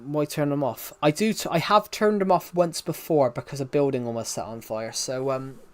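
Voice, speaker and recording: A young man from the UK, his British accent not from London, chats on a game live stream in a fairly high voice at a moderate pace. The talk is rambling and repetitive, studded with "um" and "if you get what I mean."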